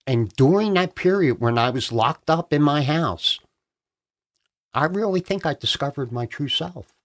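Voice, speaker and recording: A man's voice: fairly high pitch, lively intonation, a little slow. A man from Philadelphia, a guest on a studio podcast, speaking in an earnest, emphatic and heartfelt way. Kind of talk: casual interview chat.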